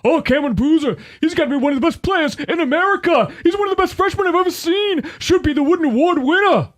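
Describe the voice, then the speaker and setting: A man doing an impression of an excitable veteran basketball announcer, gushing with over-the-top hype. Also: very high voice, fast talker, pitched above the performer's own voice.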